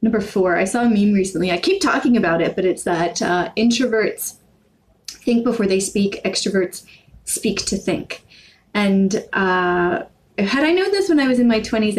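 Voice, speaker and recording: An American woman from the Northeast, with some Canadian-sounding vowels, vlogging casually about language, rambling and correcting herself, with quirky intonation that jumps up when she gets excited. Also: medium pitch, moderate pace, rough recording. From New York and Pennsylvania, USA. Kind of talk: casual talking-to-camera vlog.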